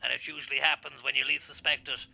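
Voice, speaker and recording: A man's voice: medium pitch, level tone, quick pace, vocal fry, bright, forceful tone. A man co-hosting a gaming stream, chatting in a rambling, folksy, joking way. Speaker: stream co-host. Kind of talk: casual gaming stream chat.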